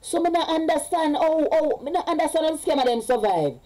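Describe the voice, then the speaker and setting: A woman's voice: high voice, expressive, brisk, mellow, rough recording. A Jamaican woman, a parent, talking casually in a vlog. She rambles, repeats herself and slips between English and patois. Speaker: vlogger.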